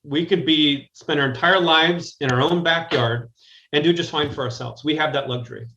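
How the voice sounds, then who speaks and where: A man's voice: fairly high pitch, normal speed, sharp tone, echoey room, muffled recording, slight background noise. An American man speaking as a guest in a conversational interview, talking directly and often restarting his sentences. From United States. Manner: rambling, frequent restarts, direct. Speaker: guest business strategist. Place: Chicago, remote call.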